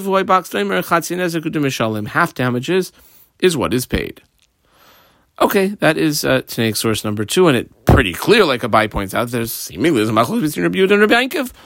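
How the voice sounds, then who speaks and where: A man teaching a Talmud page line by line, explaining each phrase and marking up the text as he goes, sometimes quick, sometimes slow and stressed. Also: medium pitch, a bit bright, no echo, studio quality. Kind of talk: page-by-page study lesson.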